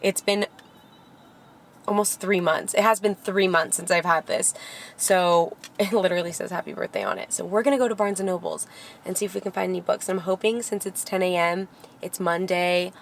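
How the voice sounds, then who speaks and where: Candid young woman vlogging, lower voice. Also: fairly even intonation, brisk, vocal fry, a little hiss or hum. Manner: candid and heartfelt, many "like" fillers. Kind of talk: casual vlog storytelling. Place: Los Angeles area.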